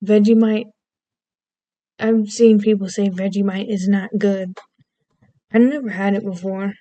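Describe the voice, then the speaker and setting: A young woman rambles in a goofy, self-deprecating vlog chat that wanders from topic to topic. Her voice is mellow and soft-edged, at a middle pitch. She is recorded close up on a dry, unechoing mic. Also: fairly even intonation, moderate pace, no echo, lo-fi sound. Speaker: vlogger.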